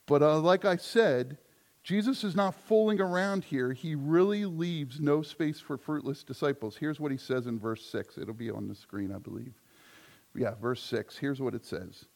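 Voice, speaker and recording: High-voiced emphatic male pastor preaching. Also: moderate pace, gravelly. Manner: emphatic preaching, swinging from loud declarations to soft asides. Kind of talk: sermon.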